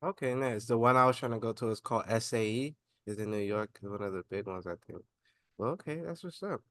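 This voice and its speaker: A man's voice: fairly low pitch, a little fast, fairly bright tone, no echo. A man hosting a podcast, asking loose, rambling questions in casual slang with frequent restarts. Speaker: podcast host. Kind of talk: casual interview.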